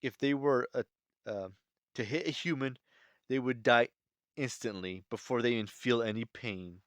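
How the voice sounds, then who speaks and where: A man voicing a male god from a manga, reading the lines slowly and evenly in his own voice. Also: mid-range voice, no echo, studio quality, natural voice. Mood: explaining.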